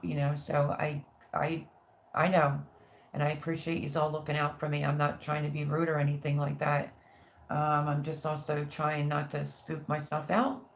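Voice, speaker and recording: Creaky-voiced woman hosting a livestream. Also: deep voice, a little hiss or hum. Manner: chatty, reads viewer comments aloud and thanks them warmly. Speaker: livestream host. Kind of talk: casual livestream chat.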